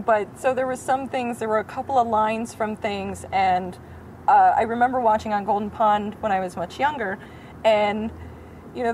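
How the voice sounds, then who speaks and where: A woman's voice: on the high side, a little mellow, slight background noise, low-quality recording. A woman co-hosting a podcast, chatting casually and rambling between laughs, recorded outdoors on a rooftop. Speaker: podcast co-host. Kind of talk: casual chat.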